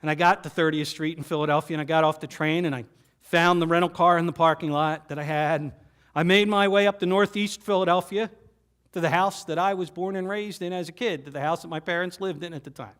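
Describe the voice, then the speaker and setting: A man presenter telling a personal story to an audience, with dramatic pauses and repeated phrases that sink to a quiet voice. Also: on the high side, steady tone, clear, resonant tone. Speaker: keynote presenter.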